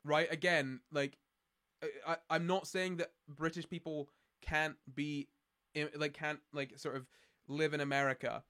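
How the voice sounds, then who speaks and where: A man's voice: on the high side, little pitch movement, a little slow, bright, forceful tone. Rambling Scottish guy chatting on stream. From Scotland. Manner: rambling, sardonic, many restarts and fillers. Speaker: streamer answering chat. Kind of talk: casual live-stream chat.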